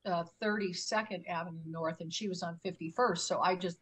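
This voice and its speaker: A woman's voice: on the low side, brisk, slightly rough, rough recording. An older woman, a guest on an interview, telling a story vividly and acting out what people said. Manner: animated storyteller who acts out her own quotes. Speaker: guest, UFO experiencer.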